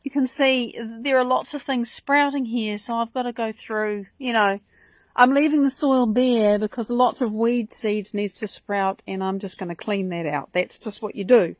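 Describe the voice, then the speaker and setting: A woman's voice: on the high side, steady tone, normal speed, no room sound. A woman hosting a casual live stream from her front garden outdoors, chatting in a rambling, enthusiastic way into a handheld phone.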